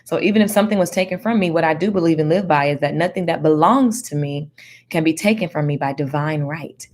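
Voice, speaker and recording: A woman giving casual Bible teaching in a slangy, animated, preachy way. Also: sits low, fast. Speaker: faith teacher.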